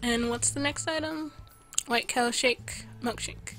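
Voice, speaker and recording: Casting: higher-pitched woman, casual gameplay narration, game music underneath. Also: fairly even intonation, moderate pace, hardly any pauses, a bit bright. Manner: chatty, reads out orders to customers while playing. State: losing her voice. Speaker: gameplay video host. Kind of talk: casual let's-play commentary.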